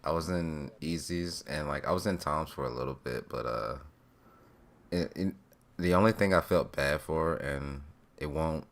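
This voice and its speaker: A man with a very deep voice, sleepy and laid-back. He drawls along in casual chat on a voice call, padding his sentences with fillers. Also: measured pace. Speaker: stream viewer joining a call.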